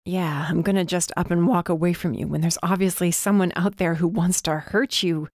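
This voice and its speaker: A woman's voice: lowish voice, fairly even intonation, normal speed, a little mellow, no echo, clean studio sound. A woman doing a blunt young bodyguard. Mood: stubborn. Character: guarded young man, undercover bodyguard, blunt. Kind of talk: audiobook character voice.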